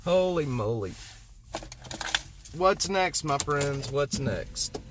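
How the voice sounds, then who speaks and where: A man's voice: on the high side, animated, extremely slow, background noise. A man, live-streaming from beside his broken-down car in the cold, joking with viewers and sounding exasperated. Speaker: livestream host. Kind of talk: casual live-stream chat.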